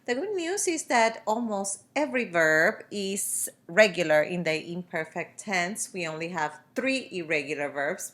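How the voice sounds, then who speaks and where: A woman's voice: mid-range voice, a bit bright. A woman teaching a grammar lesson over a screen recording, explaining step by step with patient fillers. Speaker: Spanish teacher.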